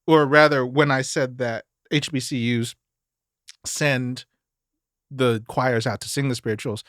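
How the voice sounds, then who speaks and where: A man from Mississippi, a guest singer in a casual podcast talk, telling lively stories and acting out the people he quotes. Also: medium pitch, unhurried, no room sound, studio quality. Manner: animated storyteller, acts out quoted voices.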